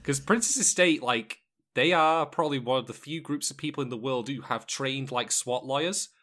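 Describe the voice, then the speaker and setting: A man's voice: medium pitch, moderate pace, a bit bright. A man hosting a podcast in casual chat, who rambles with wry jokes and asides. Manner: rambling, wry and joking, many fillers and asides. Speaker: podcast host.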